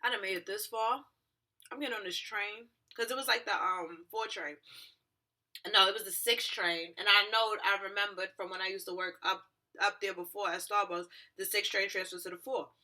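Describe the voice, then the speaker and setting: A young woman telling a story to her viewers in a lively, profane, slangy way. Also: medium pitch, normal speed. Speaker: vlogger. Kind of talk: storytime vlog.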